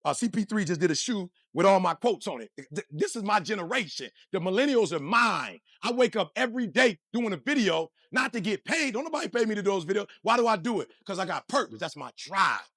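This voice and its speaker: A man giving a motivational speech, energetic and preachy, full of slang and talking straight to the crowd. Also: high-pitched, fairly quick, few pauses, no echo, studio quality. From Detroit, USA. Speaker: motivational speaker.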